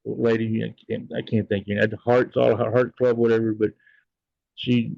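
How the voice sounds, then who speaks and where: A man's voice: lowish voice, level tone, normal speed, vocal fry, dry recording, highs cut off. A man hosting a casual livestream, talking in an earnest, rambling, heartfelt way. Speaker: livestream host.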